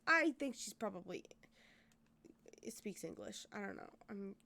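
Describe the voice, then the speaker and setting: A woman streamer making quiet, musing asides while reading through a story game. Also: mid-range voice, lively intonation, unhurried, vocal fry, pauses often, a little hiss or hum. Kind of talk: game playthrough commentary.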